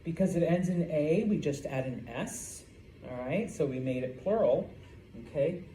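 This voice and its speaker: Male language teacher, mellow tone, roomy classroom sound with faint noise. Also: fairly high pitch, normal speed. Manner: checks in with "okay?" after each point. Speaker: Spanish teacher. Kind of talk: classroom lecture.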